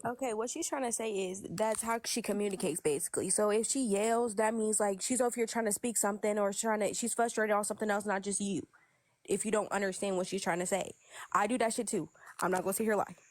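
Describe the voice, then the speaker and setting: A woman's voice: medium pitch, fairly even intonation, fast, dry recording. A woman joining a livestream as a guest, talking frankly in slang with plenty of swearing. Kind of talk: casual livestream chat.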